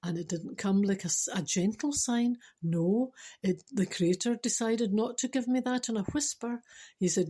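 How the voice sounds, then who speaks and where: A woman's voice: mid-range voice, moderate pace, warm tone, slightly rough. An older Scottish woman telling a personal spiritual story in a chatty, laughing way, switching to earnest teaching. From Scotland. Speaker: spiritual vlogger. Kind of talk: casual storytelling to camera.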